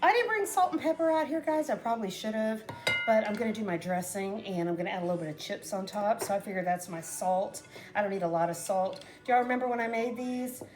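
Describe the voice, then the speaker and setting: A woman's voice: mid-range voice, fast, music in the background. A middle-aged woman chatting casually to her viewers while making a salad, rambling and often trailing off mid-sentence. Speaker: cooking vlogger. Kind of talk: casual cooking chat to camera.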